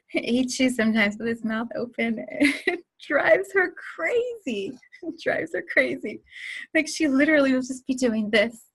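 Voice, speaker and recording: A woman's voice: fairly high pitch, breathy edge. A woman in her forties hosting a casual spiritual talk, chatty and laughing often as she tells stories. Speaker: host.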